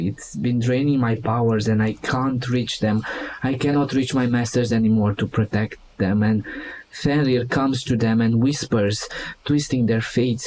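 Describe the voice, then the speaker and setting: A man voicing the loyal spirit of a giant's hound, now a celestial being, speaking slowly and mournfully in a tabletop game. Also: mid-range voice, darkish tone, close to an everyday voice, rough recording. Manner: slow, solemn, mournful.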